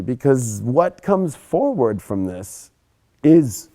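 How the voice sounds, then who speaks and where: A young adult man giving a casual, animated astrology monologue, emphatic and often swearing. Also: medium pitch, slow. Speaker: astrology presenter.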